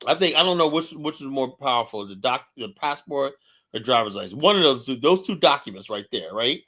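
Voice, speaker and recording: A man's voice: mid-range voice, expressive, a little fast, pushed and bright. Man telling stories casually. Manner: storytelling, repeats "right?" often. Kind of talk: casual chat.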